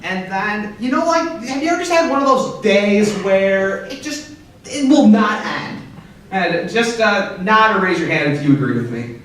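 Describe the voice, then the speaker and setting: A young man doing a stand-up set in a comedy club, telling stories in a deadpan way and jumping high for quoted outbursts. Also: normal speed. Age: young adult. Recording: echoey club from far off.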